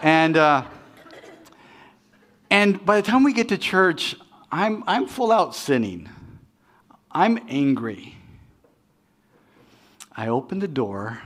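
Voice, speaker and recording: The voice is on the high side and a little bright: a middle-aged pastor preaching. Personal stories fill his sermon, told in a chatty, self-mocking manner with repeated restarts.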